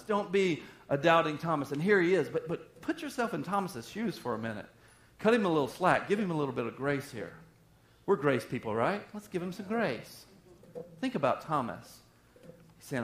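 A man preaching a sermon, retelling scripture dramatically and swinging between loud and hushed delivery. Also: on the high side, lively intonation, moderate pace, roomy sound. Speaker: pastor.

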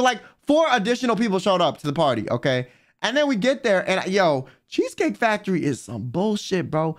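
A young man, a livestreamer, telling a story in a casual, animated and profane way. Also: a little high. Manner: animated, profane, swings loud and quiet. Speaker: vtuber and livestreamer.

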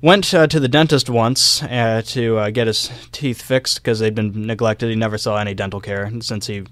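A man's voice: lowish voice, fairly even intonation, moderate pace, a bit bright, no echo. A young man co-hosting a casual history podcast, telling a story loosely with fillers and small laughs. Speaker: podcast co-host.

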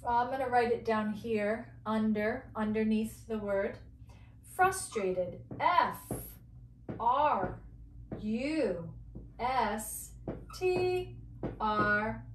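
Slow, playful woman teaching in an echoey room. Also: a little high. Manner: playful, acts out each feeling. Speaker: English teacher. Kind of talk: animated vocabulary lesson. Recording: echoey room, mic at a distance.

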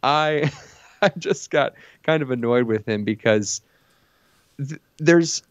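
A man co-hosting a movie podcast, reviewing films in an animated, casual way with lots of restarts and laughs. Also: medium pitch, slow pace, no echo, highs cut off. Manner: animated, stumbling restarts, laughs while talking. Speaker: podcast co-host.

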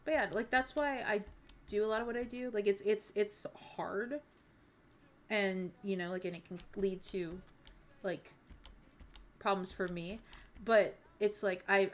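A woman's voice: mid-range voice, a little hiss or hum. Rambling, earnest woman streamer. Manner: rambling, earnest, many fillers and restarts. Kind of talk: casual stream chat.

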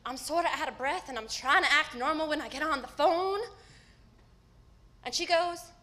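A woman acting a stage monologue as a candid, wry woman recalling her teenage self, telling the story with vivid swings from hushed to loud. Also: high-pitched, moderate pace. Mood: breathless excited. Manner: storytelling with vivid shifts in loudness. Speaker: stage actor. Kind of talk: live theatrical monologue. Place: theater stage.

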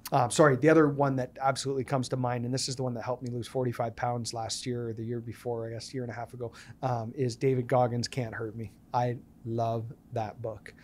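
A man's voice: mid-range voice, a little fast, few pauses. A man in his thirties, a podcast guest, telling stories and acting out the dialogue in them. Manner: animated storyteller acting out quoted dialogue. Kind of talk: storytelling interview.

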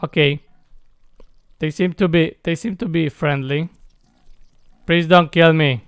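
An excitable young man commenting on his gameplay in a high, clear voice, talking slowly between loud yelps. The recording is close and dry. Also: no room sound. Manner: playful slangy talk. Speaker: gamer.

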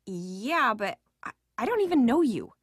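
A woman's voice: a little high, very animated, a little slow, breathy edge, dry recording, studio quality, heavily acted. A woman playing a rescued princess who answers with dismissive sarcasm. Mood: sarcastic.

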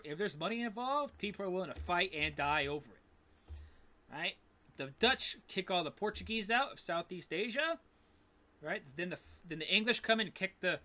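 Guy teaching history on video, kinda high bright voice, loose and chatty, lots of ums and "right?". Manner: casual, repetitive, with many fillers and "gonna", "right?". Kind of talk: recorded history lecture.

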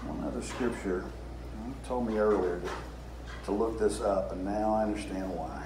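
A man in his fifties with a Southern US drawl and a fairly low voice preaches an informal sermon at a moderate pace, reading scripture along the way. His folksy delivery repeats phrases and poses questions to the room, which is echoey with a faint hiss.

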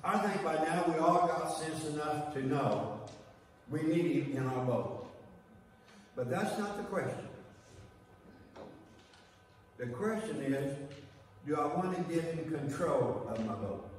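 A man's voice: a little high, a little slow, slight background noise. A man preaching a sermon to a congregation, building points through repeated phrases and now and then calling a listener "honey.". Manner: repetitive preaching cadence, addresses listeners as "honey". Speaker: guest preacher. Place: church sanctuary. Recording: echoey church hall from far off.

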